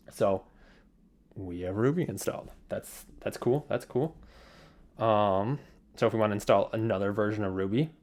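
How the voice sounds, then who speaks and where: A young man talks through his development setup at his desk in a loose, rambling way, circling back on his words and filling pauses with ums and uhs. His voice sits a little low, and the delivery is relaxed and unscripted, like a casual screen recording. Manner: rambling, filler-heavy, repeats himself.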